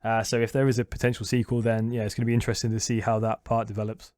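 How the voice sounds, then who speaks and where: A man's voice: on the low side, flat delivery, rapid-fire, darkish tone, dry recording, studio quality. A young man chatting casually through a movie review, rambling and hesitant with lots of restarts.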